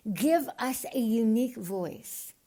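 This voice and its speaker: A woman from the United States, a podcast guest, speaking with a lisp and an unusual voice altered by tongue surgery, earnest and animated. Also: on the high side, takes it slowly. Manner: earnest, animated, gets excited. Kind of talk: podcast interview.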